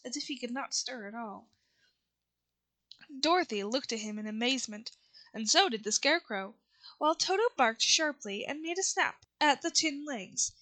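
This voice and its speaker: A woman reading a children's novel aloud in a steady, unhurried way, with small slips now and then. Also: sits high. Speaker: reader.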